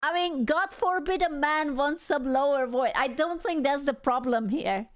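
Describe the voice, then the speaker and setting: A young woman chats and giggles through her reaction to a video, her voice sitting a little high. She talks loosely, with plenty of fillers. The sound is close and dry, with no room around it. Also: normal speed, no echo. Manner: giggly, chatty, lots of fillers and laughter. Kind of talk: casual reaction commentary.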